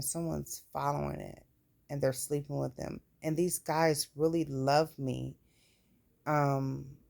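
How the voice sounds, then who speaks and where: In a personal storytelling vlog, a woman with a low voice and vocal fry recounts her life. She sounds a little mellow and speaks plainly and candidly, with casual swearing.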